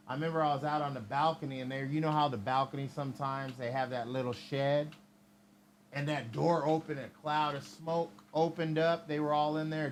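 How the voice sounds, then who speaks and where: A man's voice: on the high side, a little hiss or hum. A man hosting a livestream, telling a rambling, heavily profane story in casual chat. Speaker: livestream host.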